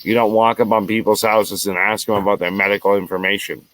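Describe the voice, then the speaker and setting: Man, angry rant, swears constantly, repeats himself, lowish voice, crickets in the background. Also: fairly even intonation, a little fast, fairly bright tone. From United States. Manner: profane, heated, repetitive. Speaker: show host.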